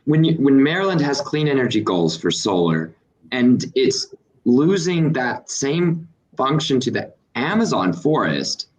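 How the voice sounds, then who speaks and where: A man moderating a panel discussion, asking measured questions with some hesitation. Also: medium pitch, rough recording.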